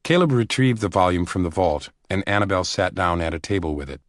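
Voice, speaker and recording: A man narrating a thriller audiobook in a measured, even storytelling manner. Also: low voice, dry recording, studio quality.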